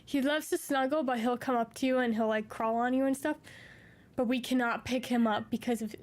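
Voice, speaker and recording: A woman's voice: on the high side, steady tone, a little fast. A woman streamer chatting casually with viewers from her room at home, gushing and doting, slipping into baby talk.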